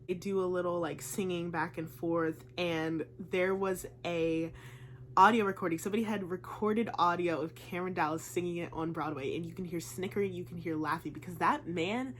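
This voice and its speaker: A woman's voice: on the low side, normal speed, slight background noise. A young woman gushing about a musical in a casual vlog, chatty and full of "like". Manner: chatty and gushing, says "like" a lot. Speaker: vlogger.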